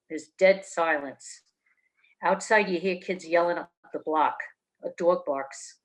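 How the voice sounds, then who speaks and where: A woman's voice: on the low side, measured pace. A woman from New Jersey reading her own noir fiction aloud in a blunt, streetwise way over a video call. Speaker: author reading her work.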